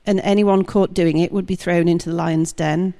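A woman's voice: on the low side, fairly even intonation, normal speed, creaky, dark tone, in a large hall. A woman reading scripture aloud, voicing a group of scheming male court conspirators in a plain, lightly voiced way. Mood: flattering.

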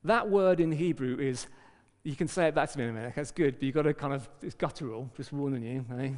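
A man preaching a sermon as pastor, lively and emphatic, with joking asides. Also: mid-range voice, quick pace. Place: church hall. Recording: long reverb of a hall.

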